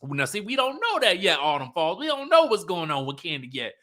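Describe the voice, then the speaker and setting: A man hosting a livestream recap of a reality show, sassy and animated, laughing often and talking straight to his viewers. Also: high-pitched, brisk. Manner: talks straight to viewers, reads their comments aloud.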